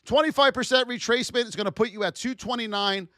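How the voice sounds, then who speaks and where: Speaking fast in a very high voice, a middle-aged trading livestream host walks through chart commentary and calls out to people in the chat with animated energy. The audio is clean studio quality with no echo.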